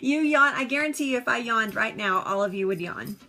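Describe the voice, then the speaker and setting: A woman's voice: on the high side, lively intonation, brisk, pushed and bright. A woman coaching viewers on a live stream, upbeat and chatty, laughing often as she reads comments aloud.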